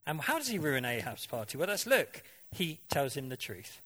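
A man's voice: fairly high pitch, very animated, normal speed, bright, forceful tone, husky. A man preaching a sermon in a conversational way, often asking the congregation questions and now and then mimicking voices for effect.

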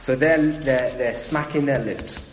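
A man's voice: mid-range voice, measured pace, slight background noise. A man preaching a sermon, retelling a story and briefly acting out its characters' voices. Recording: echoey hall, faint ambience.

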